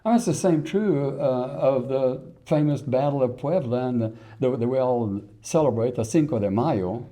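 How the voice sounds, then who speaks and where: Folksy older man with a very dark voice. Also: mid-range voice, normal speed, hardly any pauses. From Texas. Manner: folksy, storytelling, with rhetorical questions. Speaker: history lecturer. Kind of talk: public lecture.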